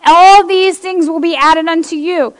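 A woman's voice: extremely high pitch, fairly even intonation, unhurried, long reverb tail. A woman preacher giving an impassioned sermon, reading scripture aloud and speaking straight to her congregation in a church.

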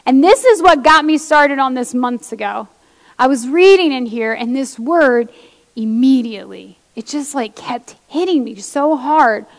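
A woman's voice: high-pitched, lively intonation, measured pace, big-room sound. A woman preacher giving an impassioned sermon, reading scripture aloud and speaking straight to her congregation in a church.

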